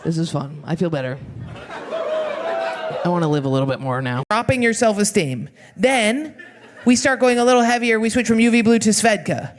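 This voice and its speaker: A woman's voice: mid-range voice, lively intonation, moderate pace, some chatter behind. A young woman doing a stand-up comedy set, brash and crude, chatting with the audience from a club stage. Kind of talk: stand-up set with crowd work. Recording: noisy live club recording. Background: audience laughter.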